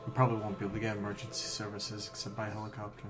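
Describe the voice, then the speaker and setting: A man's voice: fairly low pitch, monotone, very fast, over music. A man playing a tabletop game, talking casually and restarting sentences as he works out where things are. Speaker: player.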